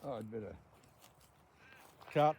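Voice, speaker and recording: A man's voice: medium pitch, slow, darkish tone, a little hiss or hum. A man telling a rambling, profane story, heated and stumbling over his words.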